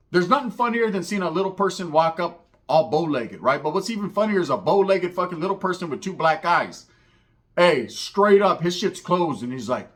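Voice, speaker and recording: A man telling a profane street story, acting out the voices of the people in it. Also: a little high. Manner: profane, animated, acts out other voices.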